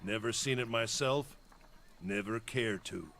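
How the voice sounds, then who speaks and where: An actor playing a gruff, practical middle-aged caravan leader in a video game, who speaks in terse, matter-of-fact lines with a weathered, folksy drawl. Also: male voice, lowish voice, unhurried, a bit bright. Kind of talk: voiced video game dialogue.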